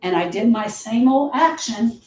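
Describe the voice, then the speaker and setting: A woman's voice: on the high side, lively intonation, a little slow, a little mellow, roomy sound, a little hiss or hum, rough recording. A woman grief coach teaching on a live show, emphatic and repetitive, speaking straight to her listeners.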